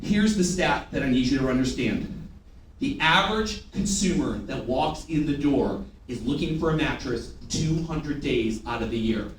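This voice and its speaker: A man giving a lively sales training to a live audience, prompting them to repeat after him and teasing them. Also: mid-range voice, moderate pace, a little hiss or hum. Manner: energetic, call-and-response with the audience; teasing, loud bursts. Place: large training room before an audience. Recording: echoey room recorded from far off.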